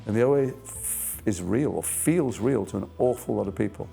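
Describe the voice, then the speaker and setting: A man's voice: on the low side, moderate pace, vocal fry, mellow, faint music behind. A middle-aged man, an actor recounting anecdotes from his career in a thoughtful interview, often trailing off and restarting.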